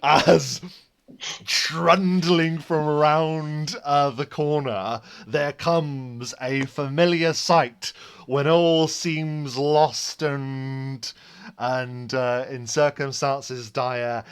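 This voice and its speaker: Unhurried male game master, mid-pitched voice, loose storyteller. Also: steady tone, clear, resonant tone. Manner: storytelling with fillers and self-corrections. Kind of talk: narrating a tabletop game.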